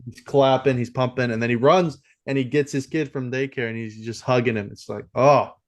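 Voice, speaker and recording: A man's voice: medium pitch, fairly even intonation, a little fast. A man co-hosting a film podcast, talking casually and rambling with many fillers and restarts. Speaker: podcast co-host.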